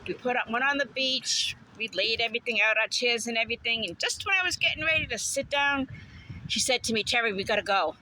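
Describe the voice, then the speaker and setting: Woman, guest on a vlog, casual storyteller; very bright tone, faint ambience behind. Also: on the high side, a little hiss or hum, rough recording. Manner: chatty, unhurried anecdote with quoted lines. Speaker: guest friend.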